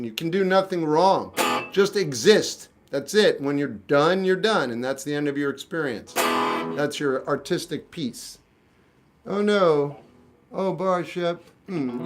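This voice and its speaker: Male streamer, casual deadpan chat, slightly raised voice. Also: on the high side. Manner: dry, offhand, jokey replies to comments. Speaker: livestreamer musician answering chat.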